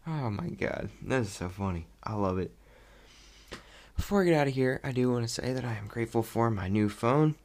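A young man chatting casually about a movie he loved, rambling and excitable and laughing often. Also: medium pitch, brisk. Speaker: vlogger reviewing a movie. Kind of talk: casual chat.

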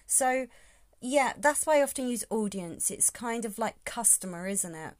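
A woman's voice: fairly high pitch, lively intonation, normal speed, no echo, studio quality. A woman hosting her podcast in a casual, rambling solo talk, thinking aloud as she goes. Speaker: podcast host.

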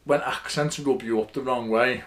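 A man's voice: medium pitch, fairly even intonation, moderate pace. A man hosting a podcast in chatty, rambling casual talk full of fillers. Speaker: podcast host. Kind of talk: casual chat.

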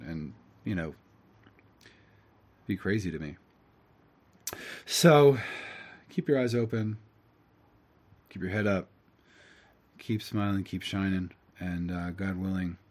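A man's voice: sits low, darkish tone. A man giving a casual spiritual talk, rambling and reflective, with many fillers. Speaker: host telling a spiritual story.

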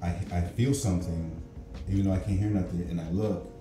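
A man with a very low voice tells a story in casual chat, breaking into laughter and acting out what others said. He sounds as if he is in an echoey room, with music playing clearly in the background. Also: fairly even intonation, brisk. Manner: laughs through stories, acts out cops' lines.

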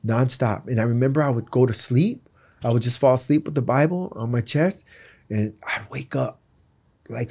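A man's voice: mid-range voice, creaky, warm tone, slightly rough. A man telling his personal faith story as a guest in an earnest, candid way. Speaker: guest sharing his testimony. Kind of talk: personal faith testimony in conversation.

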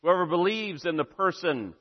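A man preaching a sermon, measured and solemn, building to emphatic repeated phrases. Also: high-pitched, expressive. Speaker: pastor. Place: church sanctuary. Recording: muffled sound with long hall reverb.

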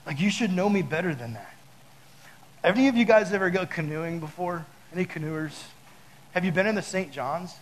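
Animated high-voiced young preacher. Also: male voice, a little fast, a little hiss or hum, low-quality recording. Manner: animated, acts out his panic with loud high outbursts; talks straight to the audience with many fillers. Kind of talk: casual sermon with storytelling.

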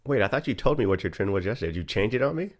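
A man co-hosting a podcast in casual chat, an animated storyteller who swears freely. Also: fairly low pitch, very fast. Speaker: podcast co-host.

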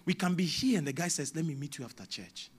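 A man with a Ghanaian English accent preaching a sermon as a prophet, moving between hushed asides and shouted exhortation. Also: on the high side, lively intonation, fast talker, slightly rough.

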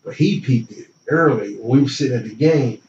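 A man's voice: mid-range voice, fairly quick, far from the mic. Laid-back storyteller man, echoey and muffled. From from a small town. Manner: animated, acts out voices in anecdotes. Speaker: interview guest. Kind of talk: casual storytelling. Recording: roomy, dull and slightly noisy.

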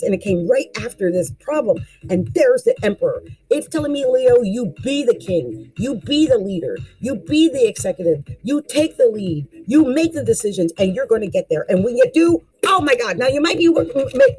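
A tarot reader giving a casual card reading, animated and exclamatory, talking straight to the listener in a folksy, coaching way. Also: medium pitch, normal speed, few pauses, poor audio.

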